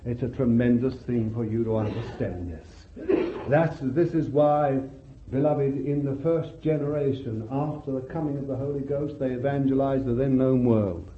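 A man preaching a sermon with fervor, calling out hallelujahs and swinging between loud bursts and hushed words. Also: medium pitch, slight background noise. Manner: slow deliberate delivery, stretching key words. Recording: echoey hall, tinny lo-fi sound.

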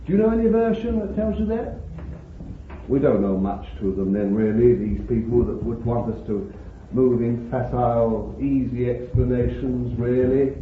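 A man's voice: medium pitch, moderate pace, a little hiss or hum. A man preaching a sermon to a congregation, emphatic and exclaiming, breaking into chuckles. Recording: tinny phone-like old sermon tape, echoey hall.

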